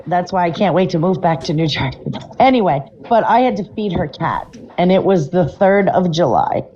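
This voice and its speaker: A woman's voice: on the low side, animated, moderate pace, warm tone. A woman co-hosting a podcast, telling a story in a casual, wry way and relishing the details. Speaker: podcast co-host. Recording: slightly dull mic with faint noise.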